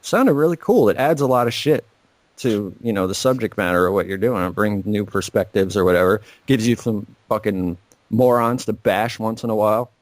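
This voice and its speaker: A man's voice: on the low side, moderate pace, no echo. A man co-hosting a casual podcast from a garage, rambling and swearing constantly. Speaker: podcast co-host. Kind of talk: profane casual chat. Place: home garage.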